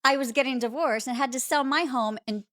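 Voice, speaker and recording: Fast-talking woman telling a story. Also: sits high, no echo, studio quality. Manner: animated, fast-talking anecdote with quoted dialogue. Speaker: real estate agent. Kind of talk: casual storytelling in conversation.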